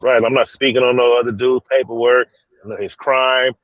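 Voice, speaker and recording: A man's voice: medium pitch, little pitch movement, normal speed, no echo, highs cut off. A man calling in to a casual live-stream chat from a vehicle on the freeway, blunt and laid back in his talk. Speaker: caller.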